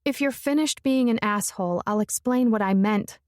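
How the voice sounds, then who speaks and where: A woman's voice: a little high, moderate pace, a little mellow, no room sound, clean studio sound, lightly acted. A woman narrator voicing a blunt, fiery young woman, speaking emphatically and forthrightly.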